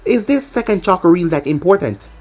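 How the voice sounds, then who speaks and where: A woman's voice: fairly low pitch, animated, fast, a little mellow. A woman voicing a brash, foul-mouthed young female fighter in a fan fiction reading.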